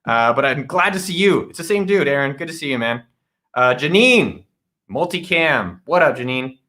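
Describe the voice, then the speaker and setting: A man's voice: mid-range voice, expressive, normal speed, pushed and bright. A man hosting a casual live office-hours stream, energetically greeting viewers by name and joking around. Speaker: livestream host. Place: home studio in a guest room.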